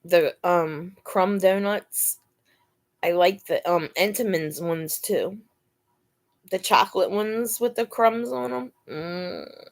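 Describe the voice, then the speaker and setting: A woman talks unhurriedly on her live stream. She chats to her viewers in an easy, relaxed way and laughs often. She slips into a cooing baby-talk voice for her dog. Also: on the low side, slow. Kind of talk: casual live chat.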